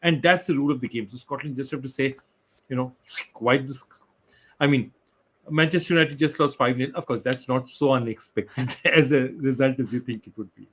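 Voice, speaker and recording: A man's voice: mid-range voice, a little fast, a little hiss or hum. A man making emphatic points as a cricket pundit over a remote link. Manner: emphatic, argumentative, repeats for stress. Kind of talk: post-match panel chat.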